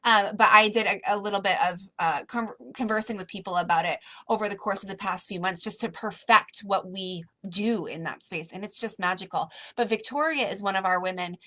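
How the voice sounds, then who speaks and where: A woman's voice: mid-range voice, fairly quick, hardly any pauses, sharp tone. A woman coaching a group of women live online, encouraging and soothing as she leads breathing and affirmations.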